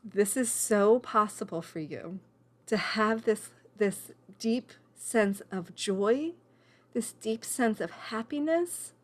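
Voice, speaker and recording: A woman's voice: mid-range voice, takes it slowly. Woman coach, earnest and emotional, leading an online class on a video call; encouraging, personal. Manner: emotional, earnest, encouraging, addresses people by name. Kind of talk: live online workshop.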